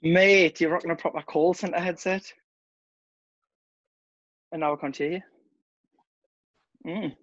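A laid-back young man, chatting as a podcast guest over a video call. He rambles easily and keeps saying "mate". His voice is at a middle pitch, and the call audio is a little dull and dry. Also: steady tone, takes it slowly, long pauses, fairly bright tone, dry recording.

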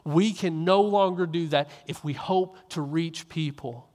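Earnest young preacher in a reverberant hall. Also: male voice, a little high, unhurried, darkish tone. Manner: earnest storytelling with repeated phrases and restarts. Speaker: minister. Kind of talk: sermon on stage. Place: large hall on a stage.

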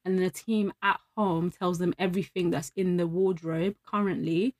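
A woman's voice: lowish voice, steady tone, moderate pace, darkish tone. Chatty woman telling stories. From London. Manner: chatty, storytelling, laughs often. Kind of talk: casual chat.

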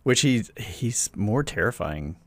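Low gravelly guy podcasting, chatty, stops and restarts a lot, very dry sound. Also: lively intonation, fairly bright tone. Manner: halting, restarts often, playful impressions. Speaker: podcast host. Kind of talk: casual comedic chat.

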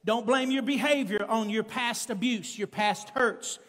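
A male preacher delivering an emphatic sermon, calling out to the congregation and building up to shouted peaks. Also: very high voice, unhurried. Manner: calls to the congregation. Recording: long church-hall reverb.

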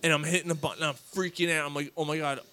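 A man co-hosting a casual pub sports show, telling a long story in an animated, cursing way and acting out his own lines. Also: a little high, quick pace. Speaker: podcast co-host.

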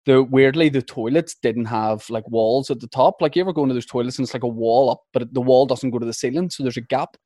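Male host, casual storyteller, mid-pitched. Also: fast, hardly any pauses, dark tone, no echo, clean studio sound. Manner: chatty, self-deprecating storyteller. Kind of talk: casual chat.

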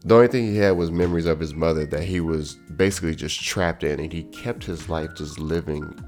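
Congested deep-voiced male podcast host. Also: brisk, darkish tone, soft background music. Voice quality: nasal. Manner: loose, profane, joking. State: congested from a cold. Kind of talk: casual monologue.

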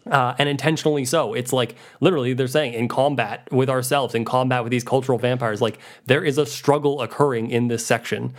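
A man's voice: medium pitch, steady tone, a little fast, few pauses. A man co-hosting a podcast, chatting eagerly about guitar tones and bands, laughing easily. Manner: enthusiastic guitar nerd, easy laughs. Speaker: podcast co-host. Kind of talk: casual music discussion.

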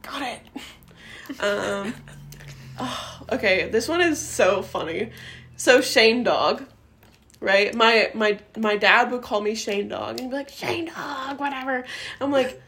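Giggly young woman, slightly high voice. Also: slow, long pauses. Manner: giggly, animated storyteller. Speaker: podcast co-host. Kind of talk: casual chat.

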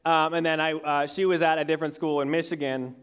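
Chatty young man with a high, smooth voice. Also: flat delivery, brisk. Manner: chatty storytelling with many fillers and restarts. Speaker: youth speaker. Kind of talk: casual sermon to young adults. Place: church hall with audience.

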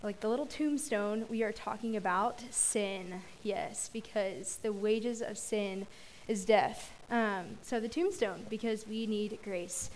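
A woman's voice: mid-range voice, takes it slowly, darkish tone, a little hiss or hum, poor audio. A young woman giving a youth sermon, praying and reading scripture in a casual, chatty way that laughs off her own slips. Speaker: youth speaker.

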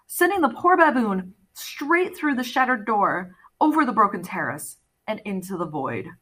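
A woman narrates an audiobook with an expressive storytelling manner. Her tone is clear and bright. Her pitch rises and falls a great deal as she acts out the characters. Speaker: audiobook reader.

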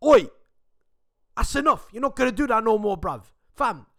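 A man voicing a brash young man from London with a London accent, loud and confrontational. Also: extremely high pitch, expressive, moderate pace, creaky, voice pushed up, full character voice.

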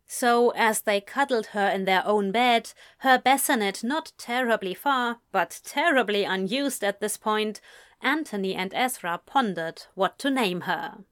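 A woman reading a story aloud as narrator, measured and unhurried. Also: medium pitch, a bit bright.

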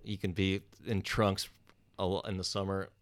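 Man, from the american south, casual chat, relaxed, chuckling, lowish voice. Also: moderate pace, clean tone. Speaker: conversation participant.

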